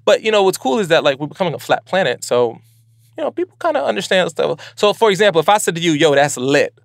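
A man from Brooklyn hosting a podcast, giving casual advice in an animated, playful way full of slang. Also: high-pitched, fast talker, creaky, no echo, clean studio sound. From Brooklyn, New York. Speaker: podcast host.

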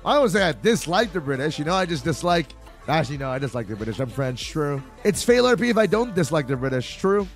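A young man giving casual, excitable gameplay commentary, swearing and talking to his chat. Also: a little high, fast talker, soft background music. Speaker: streamer playing a strategy game.

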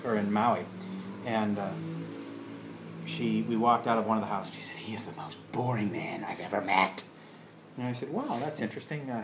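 A man telling a personal story in a casual, rambling way, full of pauses and fillers. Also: fairly low pitch, roomy sound, noisy background. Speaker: alternative practice teacher.

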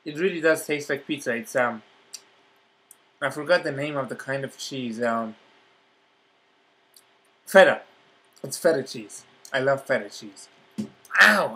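A man eating on camera in a casual vlog, excited about his food, talking with his mouth full between lots of appreciative mm sounds. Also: medium pitch, normal speed, long pauses, breathy edge. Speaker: vlogger.

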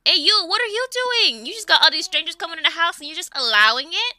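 A young woman talks through her game with a bright, sharp, high voice that swings all over the place. She gets exasperated and shouts at the characters on screen, then drops back into chatty commentary. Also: animated, fast talker, no room sound. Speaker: let's play gamer. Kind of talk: casual gameplay commentary.

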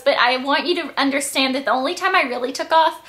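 A teenage girl chatting to her viewers in a bubbly, rambling vlog, her voice a bit hoarse. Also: high voice, fast, sharp tone. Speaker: vlogger. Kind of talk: casual chat to camera.

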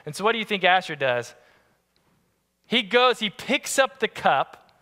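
A man preaching a sermon as pastor, telling family stories in an animated, lively way. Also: high-pitched, unhurried. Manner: animated, acts out family scenes. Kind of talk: storytelling sermon. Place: church sanctuary. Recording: long church-hall reverb.

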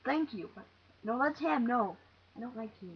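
A young woman doing let's play commentary, jumpy and excitable, talking to herself, shaky and teary. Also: fairly high pitch, normal speed, breathy edge. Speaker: gamer. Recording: dull lo-fi home recording with faint hiss.

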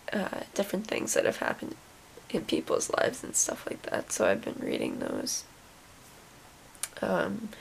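A woman's voice: mid-range voice, creaky. A young woman chatting casually in a vlog, rambling with many fillers and restarts. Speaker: vlogger. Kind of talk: casual morning vlog chat. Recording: faint hiss.

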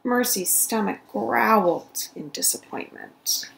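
A woman reading a children's story aloud in an expressive storytelling voice. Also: on the low side, slow, vocal fry, few pauses, poor audio. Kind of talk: read-aloud storytelling for kids.

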